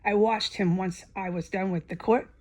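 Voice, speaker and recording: A woman's voice: medium pitch, steady tone, moderate pace. A woman vlogging an angry, profane rant, her voice rising sharply at times. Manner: agitated and profane, voice rising to near-shouts. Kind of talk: angry ranting monologue.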